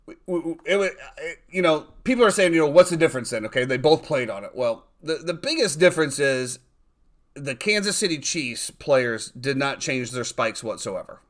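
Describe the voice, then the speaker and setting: A man hosting a sports podcast in casual chat, ranting with swings between loud excitement and low muttering. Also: normal speed. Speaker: podcast host.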